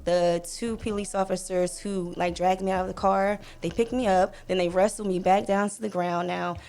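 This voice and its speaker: A young woman telling a personal story on a podcast in a casual way, acting out the people in it with lively quoted lines. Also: mid-range voice, moderate pace. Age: young adult. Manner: animated retelling, acts out voices, fillers. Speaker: podcast guest.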